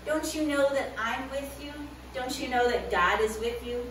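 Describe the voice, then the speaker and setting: A woman voicing a calm, gentle man in an echoey room. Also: high-pitched, normal speed, slight background noise, voice pushed up. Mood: reassuring. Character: calm gentle man reassuring his frightened friends. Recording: very echoey room, far from the mic.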